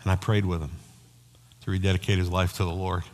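A man preaching a sermon as pastor, telling personal stories in an animated way. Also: deep voice, fast. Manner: storytelling, animated, acts out quoted voices. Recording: long hall reverb.

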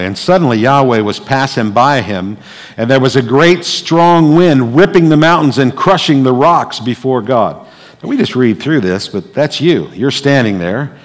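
A man preaching in a church hall, his voice carrying a long reverb that hangs after each phrase. He is dramatic, dropping to a hush and then rising to loud declarations. His pitch sits in a middle range for a man. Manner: dramatic, swings from hushed to loud. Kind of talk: sermon.

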